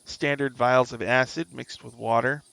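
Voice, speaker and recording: A man running a tabletop game as dungeon master, thinking aloud in an unhurried way. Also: mid-range voice, fairly even intonation, gravelly, fairly bright tone, no room sound.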